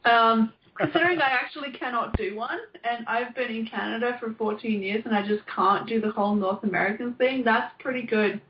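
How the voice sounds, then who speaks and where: A woman's voice: fairly high pitch, a little fast, few pauses. Hesitant woman in an echoey room. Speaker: podcast guest. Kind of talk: casual podcast chat. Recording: echoey muffled remote audio.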